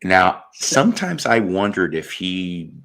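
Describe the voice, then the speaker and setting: A man hosting a casual show, telling a story with big swings between low mutters and high exclaims. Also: big pitch swings, takes it slowly, gravelly, fairly bright tone. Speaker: host.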